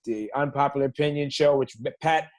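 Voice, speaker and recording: A man's voice: mid-range voice, fairly quick. A man who is a comedian guest on a podcast, chatting in an easygoing way and plugging his shows. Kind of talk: casual chat.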